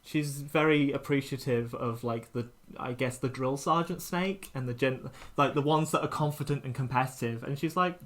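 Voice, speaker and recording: A young adult game master narrating a tabletop game, relaxed and wordy, searching for words. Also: medium pitch, normal speed, few pauses.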